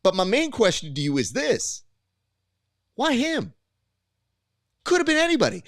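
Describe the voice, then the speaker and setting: A man's voice: very high-pitched, huge pitch swings, measured pace, fairly bright tone, dry recording, voice pushed up, exaggerated voice. Guy doing a cocky trash talk impression, taunting, voice jumping all over, dry sound. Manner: boastful, taunting. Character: gravelly brash male fight promoter doing trash talk. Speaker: host.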